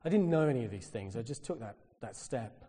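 Husky and medium in pitch, a British man preaches a little fast in a large hall. He tells a personal story in his sermon, animatedly acting out the people he quotes.

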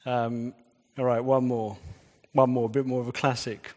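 A man's voice: mid-range voice, level tone, moderate pace, few pauses, darkish tone. A man preaching a sermon in a conversational way, quizzing the audience. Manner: conversational, engages the audience with quiz questions. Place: church. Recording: reverberant church hall.

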